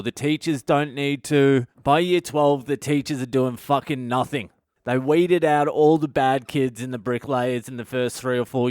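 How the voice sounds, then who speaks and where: Sarcastic comic host; profane monologue, crisp clear tone. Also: male voice, medium pitch, a little mellow, no echo, studio quality. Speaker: comedian podcast host. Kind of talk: comedic monologue rant.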